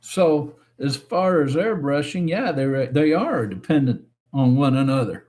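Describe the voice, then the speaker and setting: A man hosting a casual live stream, reading viewer comments aloud and answering them in a relaxed, chatty way. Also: on the high side, unhurried. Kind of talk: casual chat.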